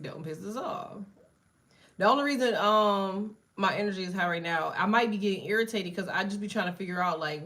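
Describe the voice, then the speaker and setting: A woman's voice: mid-range voice, a bit bright. A woman doing a casual live tarot reading, blunt and profane, chatting to viewers and jumping between cards and asides. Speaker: tarot reader.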